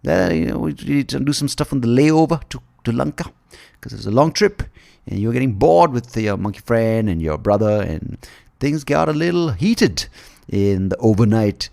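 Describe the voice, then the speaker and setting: A man's voice: mid-range voice, animated, moderate pace, gravelly, dark tone. A man from India hosting a podcast, riffing through an irreverent, rambling comic monologue. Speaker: podcast host. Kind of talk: comedic monologue.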